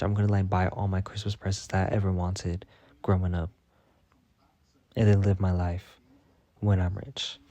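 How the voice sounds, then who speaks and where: A man's voice: on the low side, no room sound. A young man telling stories in a casual vlog rant, profane and dramatic. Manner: profane, dramatic, animated retelling. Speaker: vlogger.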